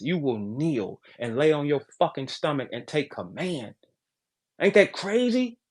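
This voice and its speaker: A man hosting a podcast, ranting in a brash, profane, animated way, jumping between loud outbursts and low asides. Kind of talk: casual podcast rant.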